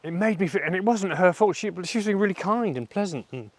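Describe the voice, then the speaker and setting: A middle-aged man speaking in a personal vlog monologue, candid and self-reflective with a halting delivery. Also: high voice, lively intonation, dry recording. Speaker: vlogger.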